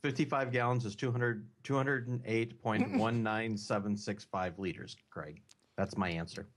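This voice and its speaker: A man on a car podcast panel, giving deadpan answers and number jokes. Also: lowish voice. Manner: deadpan, fast-talking. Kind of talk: casual panel chat.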